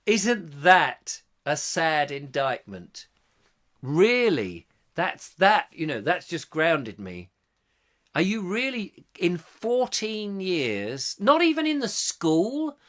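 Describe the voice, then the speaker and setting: A man hosting a rambling, comic live chat show, laughing often as he tells stories and drops into silly voices. His voice is bright and lively, swinging up and down freely as he talks. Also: high-pitched. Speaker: host.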